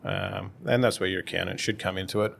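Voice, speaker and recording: Gravelly-voiced accountant. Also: male voice, sits low, steady tone, a bit bright, slight background noise. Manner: measured, reflective, advising. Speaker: accountant, podcast guest. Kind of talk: casual conversation.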